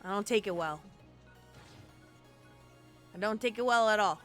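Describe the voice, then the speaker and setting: A woman's voice: mid-range voice, a little slow, a bit bright. A woman streamer chatting casually and exclaiming often as she plays an online game, with faint game music behind. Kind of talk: casual gameplay commentary.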